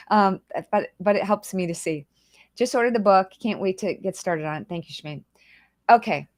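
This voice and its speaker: A woman's voice: medium pitch, moderate pace, long pauses, no room sound, clean studio sound. A woman hosting a casual livestream, chatty and emotional, greeting viewers by name and holding back tears. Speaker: livestream host.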